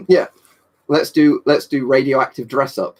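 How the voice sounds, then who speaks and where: A man's voice: medium pitch, fairly even intonation, a little slow, a little mellow. A young man chatting casually on a live stream, rambling, swearing freely and answering viewers' comments. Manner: rambling, swears a lot, reads and answers chat.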